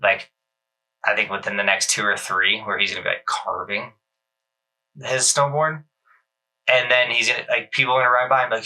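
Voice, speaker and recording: Podcast dude, rambly storyteller, says like a lot, bright edgy voice. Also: male voice, lowish voice, brisk, distant mic, poor audio. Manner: rambling, animated storytelling with many "like"s. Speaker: podcast co-host. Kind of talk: casual chat.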